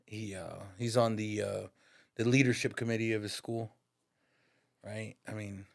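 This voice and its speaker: A man's voice: on the low side, fairly even intonation, a little slow, vocal fry. A man in his thirties, a barber, telling a story in a casual, slangy, profane way. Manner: slangy and profane, peppers talk with "dog" and "bro". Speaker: podcast guest, barber.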